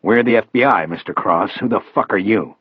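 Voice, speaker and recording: A man voicing a menacing male federal agent who taunts and threatens in a deep, husky voice. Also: brisk, no room sound, phone-quality sound.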